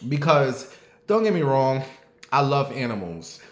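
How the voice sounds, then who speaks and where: A sassy, foul-mouthed man tells a story as a casual rant. He sounds animated and mocking, and he breaks into barking noises. His voice sits at an average pitch and rings in a roomy echo. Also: a little slow. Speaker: online commentator.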